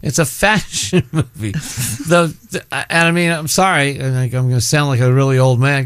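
A man's voice: mid-range voice, normal speed, fairly bright tone, clear, resonant tone, no echo. A middle-aged man hosting a casual chat show, rambling and often breaking off mid-sentence. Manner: rambling, self-interrupting, chatty. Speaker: show host.

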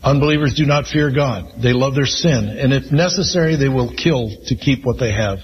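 Pastor, male, emphatic sermon delivery, mid-pitched voice, dull lo-fi recording with faint hiss. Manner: slow, emphatic preaching with Scripture read aloud.

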